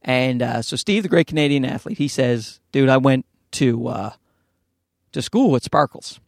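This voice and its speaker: A young man hosting a casual solo podcast from inside his parked car, ranting in a profane, rambling way and jumping up to high pitches. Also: moderate pace, creaky, no room sound, studio quality. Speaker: podcast host.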